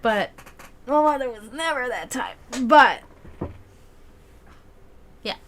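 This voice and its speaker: A woman's voice: high voice, slow, slight background noise. A woman telling a long family story in a casual way, acting out the people she quotes and laughing often. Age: adult, grew up with a brother. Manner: animated, acts out quoted voices, laughs often, profanity. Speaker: community gathering host.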